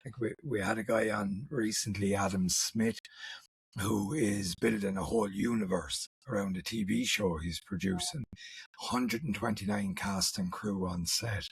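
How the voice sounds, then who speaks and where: Irish male host, low gravelly voice, very dry close sound, stumbling restarts. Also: unhurried, no room sound. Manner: stammering restarts, self-deprecating jokes. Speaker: podcast host and film director. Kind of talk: casual interview chat.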